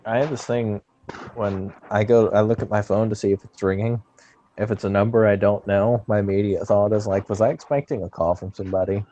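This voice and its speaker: A man's voice: lowish voice, steady tone, a little fast, warm tone, highs cut off, a little hiss or hum. A man co-hosting a casual podcast chat, telling jokey stories and laughing often. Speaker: podcast co-host.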